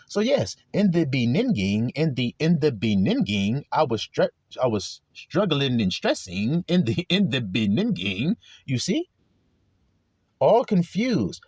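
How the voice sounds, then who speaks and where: A man's voice: mid-range voice, very animated, measured pace, a little mellow, slightly rough, no room sound, dull audio. A man preaching an informal sermon, confrontational and full of rhetorical questions, with coarse language.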